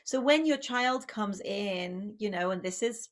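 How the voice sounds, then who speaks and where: A woman's voice: medium pitch, a little slow. A woman, a child psychologist and author, giving a conversational public talk on parenting, with many fillers and self-corrections.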